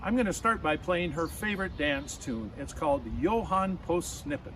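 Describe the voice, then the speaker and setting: A man's voice: fairly high pitch, lively intonation, moderate pace, noisy background. A man telling a friendly story outdoors in a backyard and leading a clap-along for listeners. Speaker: storyteller and folk musician. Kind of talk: storytelling to children.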